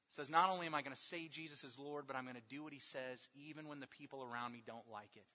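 A male preacher with a bright, forceful, somewhat high voice delivers an emphatic sermon. He builds his points through repetition and slows way down on key words. The sound is dull and lo-fi, with a long hall reverb trailing each phrase. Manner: emphatic, with rhetorical repetition and slow drawn-out stresses.

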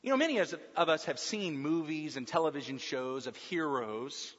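A man's voice: fairly high pitch, expressive, normal speed, fairly bright tone. A male preacher giving an emphatic sermon, building his points through repeated lists. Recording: muffled recording, long hall reverb.

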